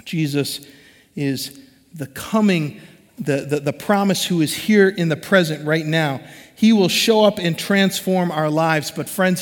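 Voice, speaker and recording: High-voiced preacher in a reverberant hall. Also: male voice. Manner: conversational and animated, acts out quoted voices. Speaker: pastor. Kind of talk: sermon.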